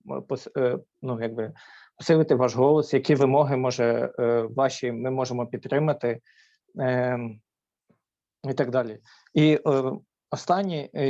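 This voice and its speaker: A man's voice: mid-range voice, a little mellow, dry recording. Man panelist, hesitant with fillers, mid voice, dull dry recording. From Ukraine. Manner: hesitant, many filler sounds. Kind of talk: panel discussion.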